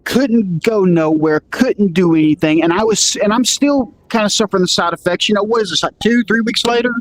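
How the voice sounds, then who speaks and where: A high-pitched man talks a little fast on a rough recording, casually telling a story. He voices each person's dialogue, with lots of "I'm like" and "he goes."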